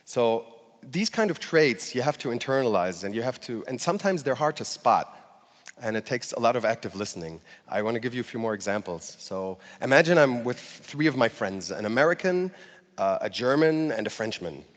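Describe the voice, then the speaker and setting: A man's voice: mid-range voice, sing-song, brisk, big-room sound. A man giving a conversational talk to an audience, with fillers and light laughter. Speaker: speaker giving a talk on language learning.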